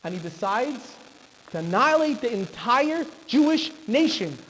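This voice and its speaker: A man's voice: extremely high pitch, sing-song, measured pace, a bit bright. A man, a rabbi, telling a dramatic story in a sermon at a synagogue. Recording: reverberant hall, faint background noise.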